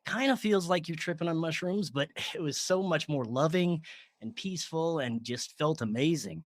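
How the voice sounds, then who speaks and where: Animated man telling a story, dry sound. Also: on the high side, normal speed, dry recording. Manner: animated, laughs often, many fillers. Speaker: podcast guest. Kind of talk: casual storytelling.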